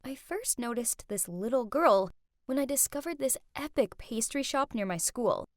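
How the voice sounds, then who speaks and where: A young woman narrating a first-person animated story in a lively, dramatic way. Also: a little high, normal speed, no echo, studio quality.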